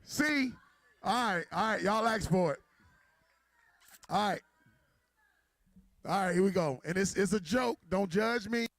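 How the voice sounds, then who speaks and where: Brief: playful male emcee, high voice, dry close sound, teasing the crowd. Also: animated, unhurried, pauses often, a bit bright, no room sound. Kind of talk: stand-up joke telling at a gala.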